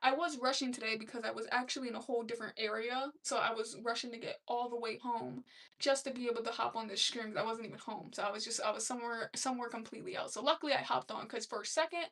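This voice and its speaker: A woman's voice: on the high side, a bit bright, far from the mic. A young woman hosting a casual live stream, chatting loosely and laughing as she reads comments aloud. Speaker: livestream host.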